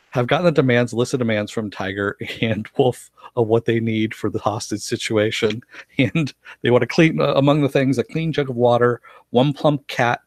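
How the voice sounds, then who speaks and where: A man's voice: medium pitch, no room sound. A man giving a casual live recap of a TV episode, chatty and often laughing as he retells scenes. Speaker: show reviewer.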